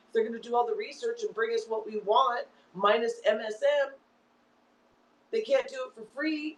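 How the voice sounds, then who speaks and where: A woman's voice: fairly high pitch, darkish tone, reverberant, distant mic, a little hiss or hum, poor audio. A woman in her fifties hosting a livestream, ranting angrily and repeating herself, swearing often. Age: 50s. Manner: angry, repetitive, swearing. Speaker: online show host. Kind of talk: emotional livestream rant.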